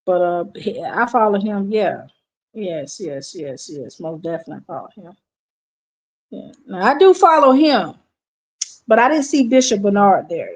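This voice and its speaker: A woman's voice: medium pitch, big pitch swings, unhurried. A woman with a Southern accent chatting casually with viewers on her livestream, answering their comments and repeating herself. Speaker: livestream host.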